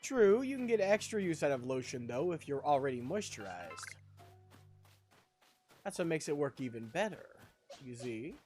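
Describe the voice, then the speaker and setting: Young male streamer, high pitch, animated sing-song delivery, chatty and self-mocking over a desk mic. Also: normal speed, soft background music. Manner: rambling, chatty, jokey asides. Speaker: live streamer. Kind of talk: casual chat while gaming.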